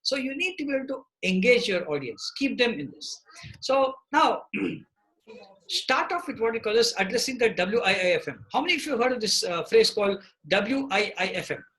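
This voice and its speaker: A man's voice: high-pitched, sing-song, normal speed, bright, forceful tone, poor audio. A man leading a live online training session over a video call, often checking in with "okay?" as he teaches. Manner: repeats "okay?" to check in with participants. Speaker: presentation trainer. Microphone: computer mic on a video call.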